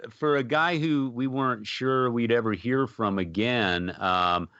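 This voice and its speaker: A man with a lowish voice speaks very slowly and easily, filling pauses with "uh" and "um". The sound is dry and a little dull, from a home podcast mic. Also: a bit bright, clean tone, no echo. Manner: unhurried, easygoing, many fillers. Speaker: podcast co-host. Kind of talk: casual music chat.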